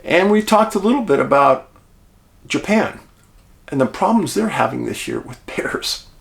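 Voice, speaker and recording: A man's voice: fairly high pitch, very animated, normal speed, vocal fry, fairly bright tone. Guy hosting his show, just chatting to the folks watching, easygoing. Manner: folksy, chatty, addresses listeners as friends. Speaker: show host. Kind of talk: casual monologue.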